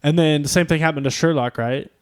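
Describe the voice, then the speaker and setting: A man's voice: a little high, fast talker, smooth, no echo. Chatty man tossing in trivia. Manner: chatty, full of trivia asides. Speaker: podcast co-host. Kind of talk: casual chat.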